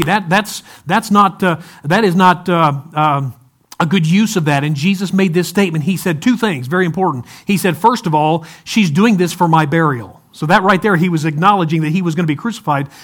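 A man preaching a sermon as a pastor, talking conversationally with his congregation, asking them questions and acting out quoted speech. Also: high voice. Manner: animated, acts out quoted speech.

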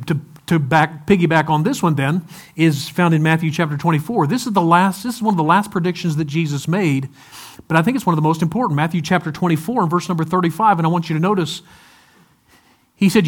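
A man preaching a sermon as a pastor, talking conversationally with his congregation, asking them questions and acting out quoted speech. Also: fairly high pitch. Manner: animated, acts out quoted speech.

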